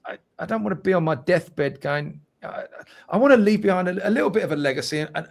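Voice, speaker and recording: A man's voice: high-pitched, brisk, vocal fry. A man speaking as a musician guest in a casual interview, earnest, often repeating words as he searches for what to say.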